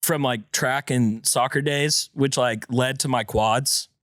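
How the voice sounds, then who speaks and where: A man co-hosting a podcast with a congested chest, telling a story in casual chat and acting out quotes in a shrill voice. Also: steady tone, slow pace, fairly bright tone, no room sound, studio quality. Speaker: podcast co-host.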